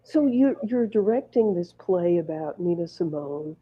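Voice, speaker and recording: Woman interview host, measured questioning, lower voice, muffled recording. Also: animated, husky. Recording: muffled, lo-fi sound.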